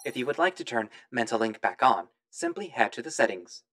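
A man voicing a calm, formal robotic AI assistant with flat, polite machine phrasing. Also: mid-range voice, a little fast, natural voice.

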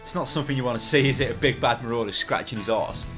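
A man's voice: medium pitch, rapid-fire, a bit bright, faint music behind. A man commentating an esports match on a headset, joking and rambling in casual banter. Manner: jokey, rambling, teasing.

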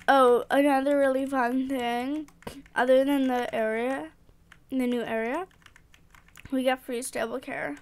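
A young woman giving excitable, rambling casual commentary while playing a game. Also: sits high, a little slow, a little hiss or hum. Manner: chatty, excitable, rambling with fillers. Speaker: gaming vlogger.

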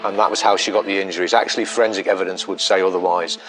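A man speaking as a police detective in a documentary interview. His voice sits very low, and he talks in a measured way with frequent ums and restarts while soft music plays behind him. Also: steady tone, poor audio.

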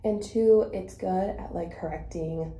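A woman's voice: fairly low pitch, a little slow, gravelly, dark tone. Chatty woman vlogger in an echoey room. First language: Spanish. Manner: chatty, rambling with fillers and self-corrections. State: a little out of breath. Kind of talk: casual chat while doing makeup.

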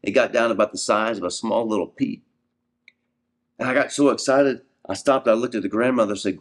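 A man's voice: mid-range voice, brisk. A man in his forties, a minister, tells a personal healing story in an earnest preaching talk and repeats words as he starts his thoughts.

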